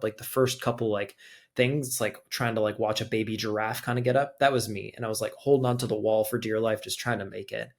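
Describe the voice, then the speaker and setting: A young adult man, a podcast guest, telling a personal story in loose, casual conversation, peppered with "like". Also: lowish voice. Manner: loose, conversational, heavy use of filler "like".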